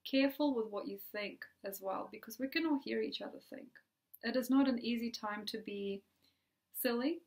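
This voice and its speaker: A woman astrologer giving a forecast in a dreamy, repetitive way, with many pauses and ums. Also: a little high, darkish tone.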